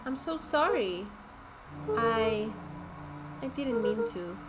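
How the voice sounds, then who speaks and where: A woman's voice: a little high, expressive, slow, over a noisy crowd, poor audio. A woman reading the lines of a young boy hero in a game, calling out urgently and anxiously. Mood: pleading. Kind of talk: reading game dialogue aloud.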